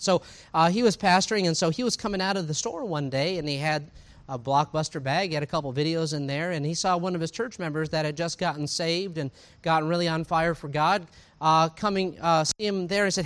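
A man, preaching a sermon in a conversational, animated way, full of asides and rhetorical questions. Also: on the high side, fairly quick. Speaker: pastor.

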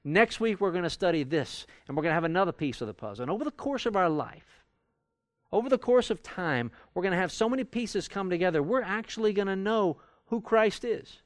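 A man's voice: high voice, lively intonation, fairly quick, no room sound, clean studio sound. A man teaching a Bible study class in a conversational way, acting out quoted arguments as he goes. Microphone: recorded for audio with a live class.

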